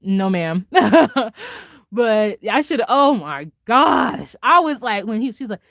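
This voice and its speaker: A woman vlogger in a casual reaction chat, gushing and excitable, laughing often and swinging between loud highs and soft mutters. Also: takes it slowly, creaky, no echo, clean studio sound.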